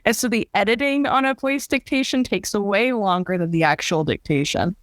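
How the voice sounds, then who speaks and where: A woman author chatting as a podcast guest, animated and acting out little quotes. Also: mid-range voice, normal speed, no echo. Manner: animated, acts out quotes in funny voices. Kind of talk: casual interview chat.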